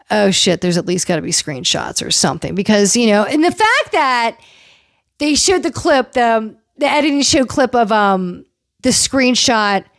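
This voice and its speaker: Woman host, higher voice, dry close sound, animated casual recap. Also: dry recording. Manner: animated retelling, acts out quotes. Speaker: podcast host.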